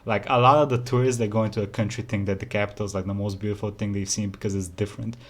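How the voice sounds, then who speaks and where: A man's voice: on the low side, fairly even intonation, racing. A young man from Bulgaria, hosting a casual reaction video and talking bluntly, with frequent swearing. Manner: blunt, swears often, easily annoyed.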